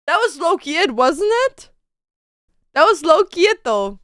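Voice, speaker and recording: Young woman streamer: lively, unfiltered, swears freely, bright voice, dry close mic. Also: sits high, normal speed, clear, resonant tone, no echo. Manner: animated, swears freely and rants; chatty, talks to chat between bursts of singing. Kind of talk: casual livestream chat.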